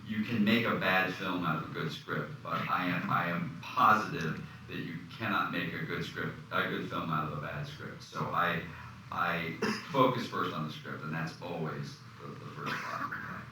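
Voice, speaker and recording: A man giving an interview as an actor, telling stories animatedly and acting out the quotes. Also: low voice. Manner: animated storyteller, acts out quotes. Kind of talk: anecdotal interview storytelling. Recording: echoey room, distant mic, noisy.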